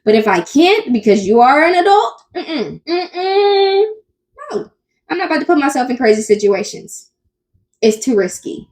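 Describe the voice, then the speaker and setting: A woman's voice: fairly high pitch, big pitch swings, brisk, a little mellow. A woman hosting a commentary channel, chatting casually and talking straight to her viewers. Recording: echoey room with faint music.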